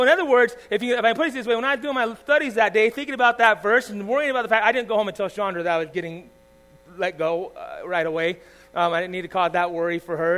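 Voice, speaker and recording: A man preaching with a high, bright voice that moves along quickly. He tells his story in an animated, conversational way and turns often to his listeners. A faint mains hum sits under the recording. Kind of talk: sermon with personal testimony.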